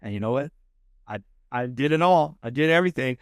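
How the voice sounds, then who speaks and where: A man in his thirties with a Texan accent, a podcast guest telling his story in a casual, animated way and acting out the people he quotes. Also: medium pitch, brisk, smooth, dry recording, studio quality. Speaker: podcast guest, food show host. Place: podcast studio.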